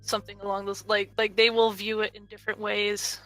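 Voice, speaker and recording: A woman's voice: mid-range voice, monotone, fairly quick, a bit bright, faint music behind, poor audio. A woman game master chatting casually through a game planning session, rambling with lots of fillers.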